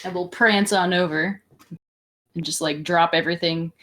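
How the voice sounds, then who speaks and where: A woman playing a tabletop game, bubbly and excitable. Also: fairly low pitch, normal speed, slight background noise. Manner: bubbly, gasping and giggling. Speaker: player. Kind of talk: tabletop role-play.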